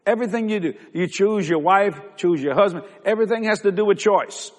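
High-voiced older man preaching in a hall. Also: a little fast. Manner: builds to loud emphatic preaching, stretching key words; calls on the congregation for responses. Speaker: pastor. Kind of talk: sermon. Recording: long reverb of a large hall.

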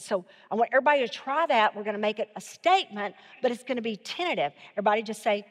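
A woman's voice: fairly high pitch, expressive, fast talker, big-room sound. A woman preaching a sermon, repeating her phrases and drawing the audience in to answer back. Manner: leads the audience in call-and-response, repeats phrases.

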